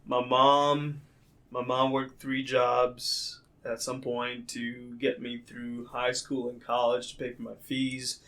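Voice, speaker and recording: A man's voice: medium pitch, completely flat delivery, takes it slowly, sharp tone. Easygoing man guest. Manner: easygoing, laughs often. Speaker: podcast guest, sprint coach. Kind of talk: casual interview chat.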